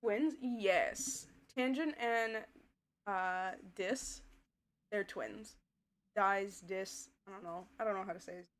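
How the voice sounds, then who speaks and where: Slow-talking, giggly woman streamer. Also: medium pitch. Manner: chatty, giggly, answering chat. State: voice tiring. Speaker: VTuber streamer. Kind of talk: casual live-stream chat while playing a game.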